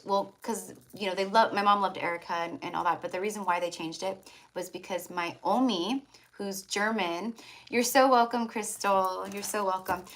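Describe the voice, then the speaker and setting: A woman's voice: mid-range voice, a bit bright, poor audio. A woman reading tarot on a live stream, chatty and affectionate, calling her viewers love and hon. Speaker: tarot reader.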